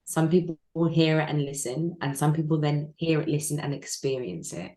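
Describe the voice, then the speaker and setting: Woman, heartfelt interview guest, lowish voice, echoey room on a video call. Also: fairly quick, hardly any pauses, mellow. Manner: open, emotional, candid storytelling. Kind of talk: candid personal interview.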